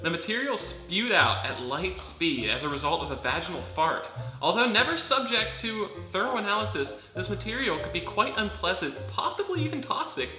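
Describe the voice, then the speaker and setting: A man's voice: sits high, sing-song, moderate pace, hardly any pauses, pushed and bright. A man in casual comedic chat, playfully reading out slang terms and teasing his friend. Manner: playful, teasing, reads text aloud. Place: home room with dogs. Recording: echoey room with faint music.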